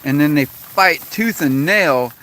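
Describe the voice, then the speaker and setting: A man rants into his camera, cursing often and wandering between complaints. His voice is bright and pushed forward. He keeps the frustrated, off-the-cuff tone of a vlogger talking to his regular viewers. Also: fairly high pitch, animated, slow pace, a little hiss or hum. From United States. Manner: profane, rambling, frustrated venting. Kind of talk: casual rant to camera.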